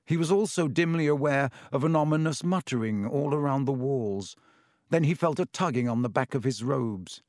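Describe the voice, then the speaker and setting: In a steady, measured way, a man tells the story of an audiobook from a script. His voice is mid-range, and the sound is dry with no room tone.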